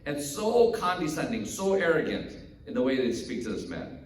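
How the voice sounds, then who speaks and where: A man's voice: fairly high pitch, normal speed. A male pastor preaching a sermon in a conversational, storytelling way in a church. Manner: conversational storytelling, animated, acts out characters. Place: church sanctuary. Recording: echoey hall from far off.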